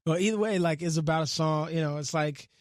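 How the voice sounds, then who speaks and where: A man from Brooklyn chats as a radio guest, earnest and reflective, full of street slang. His voice sits a bit high for a man. It is recorded close on a studio mic with a dry, dead sound. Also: fast, dry recording. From Brooklyn, New York. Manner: earnest, reflective, slangy, half-recites lyrics. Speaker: guest musician. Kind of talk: casual interview chat.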